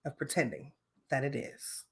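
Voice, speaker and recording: A woman's voice: rumbling low, moderate pace, voice pushed down. A woman putting on an acting voice to read a monologue as a young female college student who bluntly confesses to her boyfriend that she is gay. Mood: blunt, weary. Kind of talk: comic dramatic reading.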